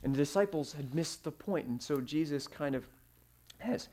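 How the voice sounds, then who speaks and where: A man preaching a sermon, telling stories with fillers and sudden swings in loudness. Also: on the high side, moderate pace. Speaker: pastor.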